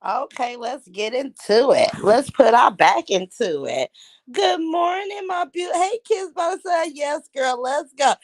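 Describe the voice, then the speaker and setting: A woman with a high voice hosts a casual livestream from home and greets her viewers one after another. She chats warmly with them and calls them by pet names. The sound is dry and close, as if spoken straight into a phone. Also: expressive, unhurried, dry recording. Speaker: livestream host.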